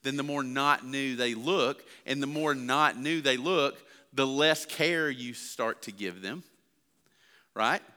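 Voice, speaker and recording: A man's voice: mid-range voice, slow, bright, forceful tone. A man preaching a sermon, talking conversationally and asking the congregation questions. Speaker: pastor. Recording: long hall reverb.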